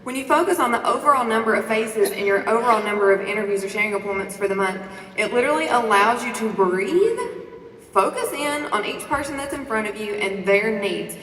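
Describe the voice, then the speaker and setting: A woman with a fairly high voice delivers a motivational talk from the stage, preachy and lively, firing questions at the crowd. She sounds set back from the mic, and a long echo trails her words through the hall. A faint hum of the room sits underneath. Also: a little fast. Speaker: conference speaker. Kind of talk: motivational talk to a live audience. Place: large conference hall. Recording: echoey hall recording from a distance.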